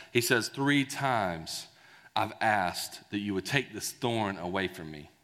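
A man preaching a sermon in a conversational, animated storytelling way. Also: mid-range voice. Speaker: pastor. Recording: long hall reverb.

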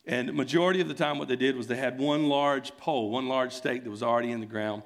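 A man's voice: mid-range voice, fairly even intonation, fast. Earnest man telling a story in a sermon. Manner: retells scenes with voiced quotes, conversational and earnest. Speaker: pastor.

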